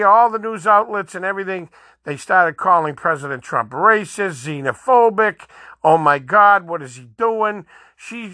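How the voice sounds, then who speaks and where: A man's voice: sits high, sharp tone, dry recording, studio quality. A man hosting his own podcast, ranting heatedly in solo commentary and often restarting with fillers. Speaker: podcast host.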